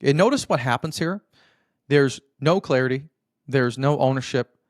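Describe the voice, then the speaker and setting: A man's mid-range voice moves at normal speed as he hosts a motivational marriage podcast, coaching earnestly. He frequently checks in with the listener and calls him brother; the recording is dry and studio-clean.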